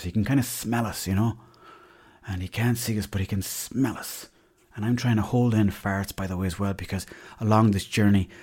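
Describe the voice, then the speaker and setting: An Irish podcast host tells comic tall tales in a chatty style, swearing freely as he goes. His voice is fairly low in pitch and a little mellow, with a breathy edge.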